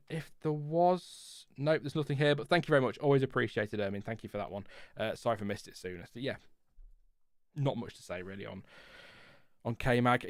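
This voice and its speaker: A man's voice: mid-range voice, clean tone, no room sound, studio quality. A man hosting a casual live race reaction stream, rambling with fillers and reading out chat messages. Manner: chatty, rambling, lots of fillers and restarts, reads chat aloud. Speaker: F1 livestream host.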